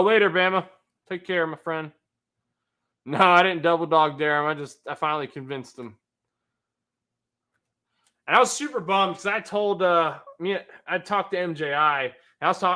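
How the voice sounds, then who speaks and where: A man's voice: a little high, sharp tone. A man in his thirties hosting a casual livestream, telling a rambling story, laughing often and greeting viewers in the chat. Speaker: livestream host.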